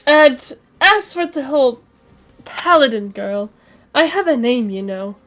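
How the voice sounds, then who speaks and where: A woman's voice: sits high, lively intonation, unhurried, a bit bright, faint music behind. A woman player in a tabletop role-play, hesitant and playful.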